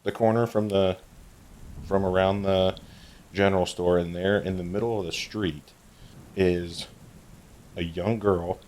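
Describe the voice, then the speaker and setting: A man's voice: sits low, a little mellow, a little hiss or hum. A man narrating a tabletop game as game master in a casual, rambling way.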